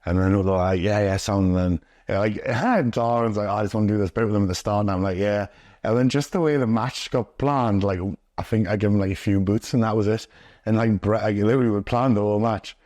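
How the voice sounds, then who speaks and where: Sweary young wrestler, deep voice. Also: male voice, steady tone, fast, darkish tone, dry recording, clean studio sound. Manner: sweary and rambling, filler-heavy. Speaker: interviewee, pro wrestler. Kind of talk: casual storytelling. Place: indoors, sit-down interview.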